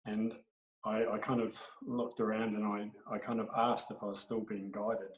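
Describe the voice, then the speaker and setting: Low-voiced Australian man telling stories. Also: moderate pace, a little hiss or hum. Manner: rambling, animated anecdotes. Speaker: guest. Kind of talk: casual storytelling. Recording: dull, echoey room recording.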